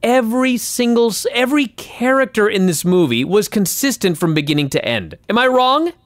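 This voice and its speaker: Man, podcast co-host, high animated voice, profane exasperated ranting, dry sound. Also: moderate pace, no echo. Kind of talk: casual profane chat.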